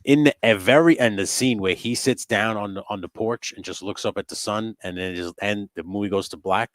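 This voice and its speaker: Deep low man, rapid excitable talk, swears and laughs, dry close sound. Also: no echo. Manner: excitable storyteller, swears freely, laughs a lot. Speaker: host. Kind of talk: casual chat on a livestream.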